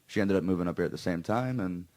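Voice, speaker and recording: Man from florida, band member guest, laid-back, deep low voice. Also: quick pace, a little mellow. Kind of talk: casual podcast chat.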